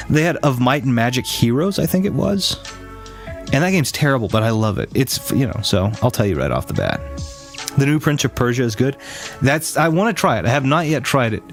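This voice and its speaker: A man chatting casually on a live stream, rambling with many restarts and fillers, teasing his chat now and then. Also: mid-range voice.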